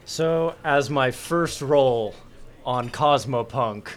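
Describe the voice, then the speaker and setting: A man's voice: medium pitch, very slow. A man playing in a tabletop game as a guest, easygoing and casual. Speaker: player, guest.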